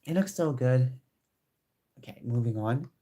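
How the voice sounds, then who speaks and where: Casual home vlogger, male, mid pitch, eager and rambling, restarts his sentences a lot. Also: a little slow. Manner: chatty and excitable, with many restarts. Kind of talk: casual chat to camera. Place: home room with squeaky chairs.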